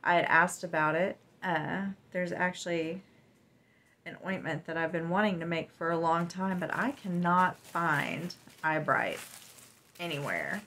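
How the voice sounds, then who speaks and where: A woman's voice: lowish voice, slight background noise, rough recording. A woman vlogger chatting casually and gushingly as she unboxes gifts. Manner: warm, gushing, unhurried.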